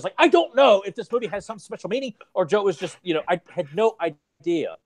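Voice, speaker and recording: A man's voice: high voice, animated, a little fast, few pauses. A man co-hosting a casual podcast chat, teasing his friends and mimicking them in mocking voices. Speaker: podcast co-host.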